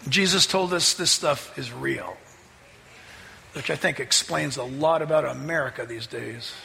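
Animated pastor preaching, gravelly bright voice. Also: male voice, medium pitch, measured pace, in a large hall, a little hiss or hum. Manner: storytelling, animated, acts out quotes with laughs. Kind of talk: sermon. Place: church.

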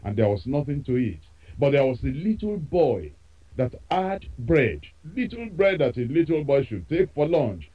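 A man's voice: medium pitch, sing-song, normal speed. A man preaching a sermon, emphatic and repeating phrases for effect, heard over a dull radio broadcast.

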